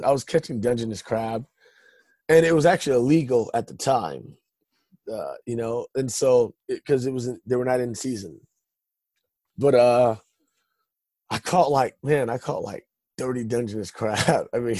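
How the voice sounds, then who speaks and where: A man recounts his life story in a relaxed, meandering way, stopping and restarting his sentences often. His voice is dark and mellow with a husky edge. The recording is dry, with no room sound. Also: medium pitch, dry recording. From Northern California. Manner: rambling, many restarts and fillers, laughs while telling. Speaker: guest telling his faith story. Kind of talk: casual storytelling.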